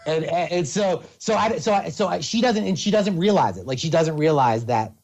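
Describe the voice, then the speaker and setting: A man in casual podcast chat, talking at length in a rambling, animated way with many restarts. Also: fairly high pitch, moderate pace, gravelly.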